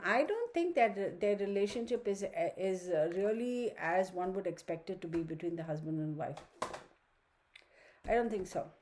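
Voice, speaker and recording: A woman's voice: lowish voice, darkish tone. A woman giving a chatty, opinionated tarot reading from her home study, talking to viewers and her dog. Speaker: tarot reader. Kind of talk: casual online tarot reading.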